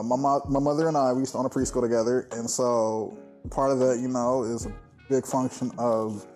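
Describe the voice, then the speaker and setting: A man's voice: medium pitch, dark tone. A man co-hosting a podcast in casual chat, talking bluntly and cursing freely. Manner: blunt, profane banter. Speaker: podcast co-host.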